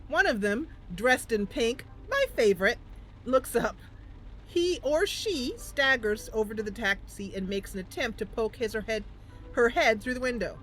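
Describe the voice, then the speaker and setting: A woman hosting a gaming channel, reading a story game aloud with giggly, expressive commentary. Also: on the high side, moderate pace, a little hiss or hum.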